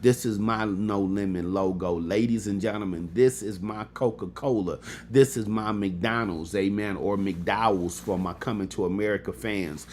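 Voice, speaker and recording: A man's voice: lowish voice, steady tone, normal speed, few pauses, darkish tone, a little hiss or hum. A man in his fifties giving a motivational speech with a preacher's cadence, peppering his talk with "amen" and speaking straight to the audience.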